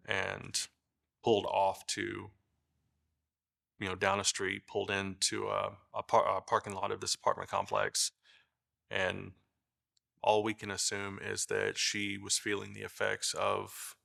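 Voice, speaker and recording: Middle-aged guy, really gravelly low voice, flat delivery, halting with lots of ums. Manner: halting, with frequent fillers and restarts. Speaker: brother of the deceased. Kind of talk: documentary interview testimony.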